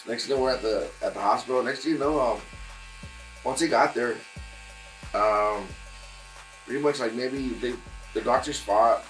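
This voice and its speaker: A man's voice: medium pitch, moderate pace, long pauses, faint music behind, low-quality recording. Man telling a story in a barbershop. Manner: rambling storytelling with many fillers and restarts. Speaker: guest musician. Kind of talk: casual chat.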